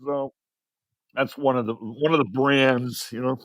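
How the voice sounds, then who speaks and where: A man in his sixties from Chicago, a podcast guest telling rambling, animated stories. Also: medium pitch, normal speed, dry recording, clean studio sound. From Chicago, USA. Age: 60s. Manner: animated, rambling, repeats words. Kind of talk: casual storytelling interview. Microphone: podcast mic.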